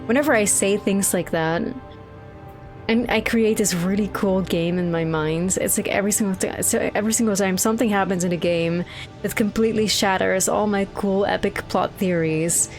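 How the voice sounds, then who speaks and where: Young woman streamer, mid-pitch, animated and profane, rambling gameplay commentary with faint game music underneath. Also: moderate pace.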